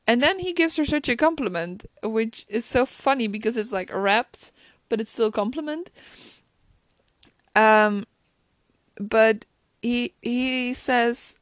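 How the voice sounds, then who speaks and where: A woman's voice: fairly high pitch, expressive, takes it slowly, pauses often, no room sound. Gushing chatty woman reviewer. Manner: gushing, chatty, many restarts. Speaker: show reviewer. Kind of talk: casual episode recap.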